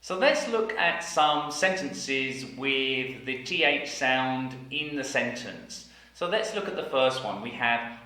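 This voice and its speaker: Male pronunciation teacher, slow and deliberate, bright voice, very echoey room. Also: medium pitch, animated. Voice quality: deliberate, over-articulated delivery. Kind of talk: slow, careful teaching with repeated example words.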